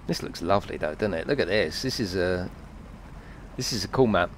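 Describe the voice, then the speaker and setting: A man's voice: low-pitched, a bit bright, a little hiss or hum. A man live-streaming a video game, chatting playfully with his viewers, reading their messages aloud and laughing often.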